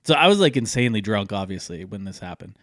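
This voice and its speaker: A man's voice: fairly low pitch, fast, dry recording, clean studio sound. A man, co-hosting a podcast and telling a long story in a casual, rambling way full of fillers. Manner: rambling, many fillers, animated when telling stories. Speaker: podcast co-host.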